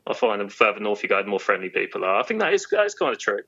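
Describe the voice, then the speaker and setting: Portsmouth English man in his thirties, gravelly low voice, halting podcast guest, slightly dull lo-fi sound. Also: very animated, fairly bright tone. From England. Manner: hesitant, many fillers and restarts. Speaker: guest musician. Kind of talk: casual podcast chat.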